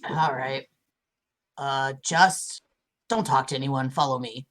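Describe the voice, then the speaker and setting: A woman joins a tabletop game with friends, brash and joking, and crude with it. Her voice sits very low for a woman. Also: takes it slowly. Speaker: player. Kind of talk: casual tabletop game chat.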